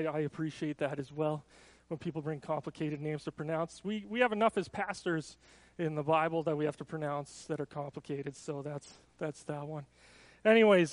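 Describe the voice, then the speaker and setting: High-voiced casual pastor, dry sound. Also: male voice, no echo. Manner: casual and chatty, with many restarts. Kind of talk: church service announcements and baby dedication.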